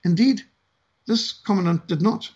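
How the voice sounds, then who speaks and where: A middle-aged South African man telling a story from his past, unhurried and pausing often with "uh". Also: high voice, darkish tone, breathy edge. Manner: unhurried with frequent "uh" pauses. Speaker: ministry speaker. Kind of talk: storytelling testimony.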